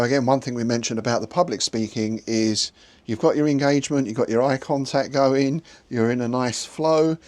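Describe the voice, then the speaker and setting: A man hosting a podcast, giving relaxed, conversational advice to game masters, chuckling often and restarting words as he goes. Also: medium pitch.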